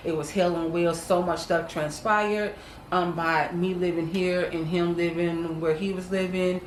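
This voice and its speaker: Casting note: lower-voiced woman, earnest storyteller, echoey room with a faint hiss. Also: steady tone, unhurried. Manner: earnest storytelling, acts out quoted voices, addresses viewers as y'all. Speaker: co-host. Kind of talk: casual testimony chat.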